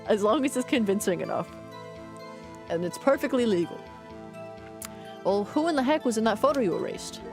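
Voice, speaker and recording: A woman's voice: a little high, animated, moderate pace, pauses often, music in the background. A young woman streaming a game, playfully joking and voicing the characters' lines aloud. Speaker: VTuber streamer. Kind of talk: game stream with voiced dialogue.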